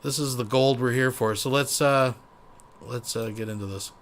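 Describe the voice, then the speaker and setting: A man's voice: mid-range voice, moderate pace, a little hiss or hum. Male commentary host, profane and rambling, sarcastic, medium voice. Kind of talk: casual reaction commentary.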